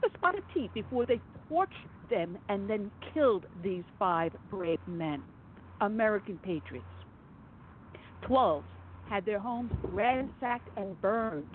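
A woman hosting a conservative talk radio show, delivering an impassioned, emphatic monologue with sarcastic asides. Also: medium pitch. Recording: phone-like narrow audio with faint noise.

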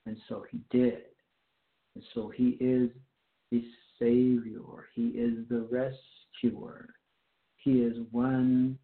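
A man preaching a sermon, reading scripture aloud and then explaining it with slow, deliberate emphasis. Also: medium pitch. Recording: echoey, phone-like tinny sound.

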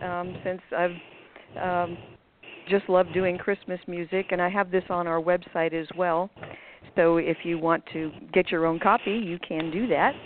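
A woman hosting a radio call-in show, chatting casually and hesitantly with many ums. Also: fairly low pitch. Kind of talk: casual on-air chat. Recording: tinny phone line with faint hiss.

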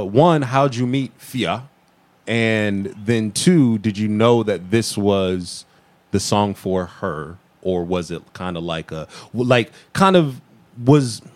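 Casual male podcast host, rambling and relaxed, dry close sound. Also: lowish voice, dry recording. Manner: laid-back, rambling with fillers and laughs. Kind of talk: casual interview.

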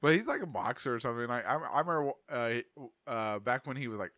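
A man's voice: medium pitch, expressive, fairly quick, a bit bright. A middle-aged man co-hosting a podcast, chatting crudely and profanely, rambling and laughing often. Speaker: podcast co-host. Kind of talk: crude casual banter.

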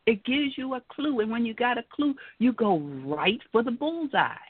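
A woman's voice: on the high side, very animated, moderate pace, slightly rough, dry recording. A woman in her sixties calls in and pleads passionately, getting carried away as she speaks. Her voice comes through a narrow, dry phone line. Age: 60s. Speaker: caller. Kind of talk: call-in testimony.

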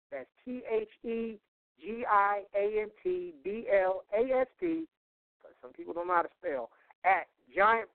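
Guy rambling on talk radio, gravelly, jumps all over in pitch, tinny phone line sound. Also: dry recording. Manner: rambling, chuckling, many fillers and restarts. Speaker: radio show co-host. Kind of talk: casual radio talk with plugs.

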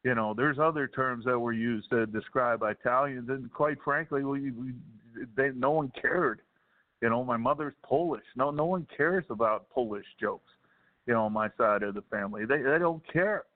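A man's voice: medium pitch, normal speed. A man calling in as a guest on a political talk show, ranting heatedly with bursts of laughter. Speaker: caller guest. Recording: tinny phone-like line.

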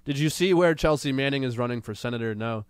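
Male host, sarcastic commentary, a bit under the weather; smooth, close and dry. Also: medium pitch, no echo. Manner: sarcastic, mocking, drawn-out jokes. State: has a cold. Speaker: livestream show host. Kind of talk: casual commentary reacting to clips and chat.

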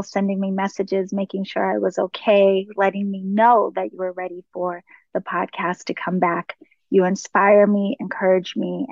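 A woman hosting her own spiritual podcast, speaking gently and earnestly, with frequent pauses and ums. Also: medium pitch, no room sound, lo-fi sound. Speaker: podcast host. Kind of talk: reflective solo podcast talk.

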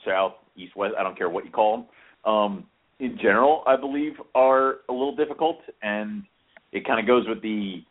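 A man's voice: lowish voice, normal speed. A man co-hosting a podcast in casual chat, rambling and self-deprecating, with casual swearing. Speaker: podcast co-host. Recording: tinny phone-like audio.

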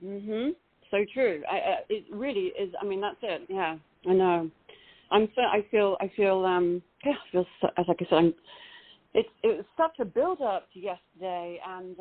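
A woman with a British accent, an actress interviewed on a video call, chatty and self-deprecating. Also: mid-range voice. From Britain. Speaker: actress guest. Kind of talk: interview chat. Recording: tinny phone-like line.

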